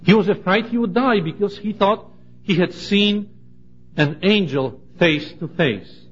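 A man giving a Bible study, reading scripture aloud in a measured, deliberate way and stressing key words. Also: high voice, breathy edge. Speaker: Bible teacher. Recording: dull lo-fi recording.

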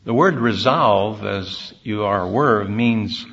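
A man giving a measured, deliberate sermon-style Bible talk from a convention platform, pausing often with fillers. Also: fairly low pitch, fairly bright tone, highs cut off. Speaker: speaker at a religious convention.

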